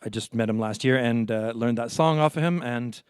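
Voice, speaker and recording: A man's voice: mid-range voice, normal speed, a little mellow, smooth, no echo, studio quality, soft background music. A man from Montreal, a folk singer chatting playfully between songs at a live concert, hesitant and full of fillers. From Montreal, Canada. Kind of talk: stage banter at a live concert.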